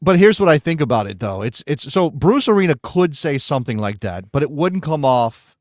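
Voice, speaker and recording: A man's voice: a little high, sing-song, brisk, no room sound, studio quality. An American man co-hosting a casual soccer talk show, rambling and correcting himself as he talks. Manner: rambling, self-correcting, chatty. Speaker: podcast co-host.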